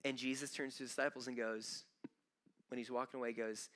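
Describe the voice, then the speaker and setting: Bright, clear-voiced man preaching. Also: mid-range voice, level tone, a little fast. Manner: conversational, emphatic, with frequent repeated starts. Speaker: pastor. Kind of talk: sermon. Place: church auditorium.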